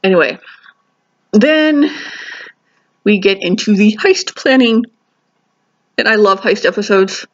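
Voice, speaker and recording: A woman's voice: medium pitch, lively intonation, takes it slowly, long pauses. A woman talks through a TV episode review in a chatty, enthusiastic way, often restarting her sentences and going off on asides. The recording sounds a little dull and lo-fi. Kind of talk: casual spoken review.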